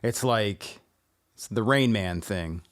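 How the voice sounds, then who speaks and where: A man's voice: fairly low pitch, slow pace, clear, resonant tone. A man co-hosting a podcast in casual chat, laid-back and teasing, giving mock-professional advice to his friend. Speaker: podcast co-host.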